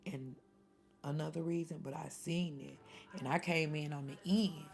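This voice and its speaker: A woman's voice: low-pitched, steady tone, a little slow, creaky, darkish tone. A middle-aged woman streaming live, chatting casually and answering commenters by name. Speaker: live streamer reading chat. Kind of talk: casual chat.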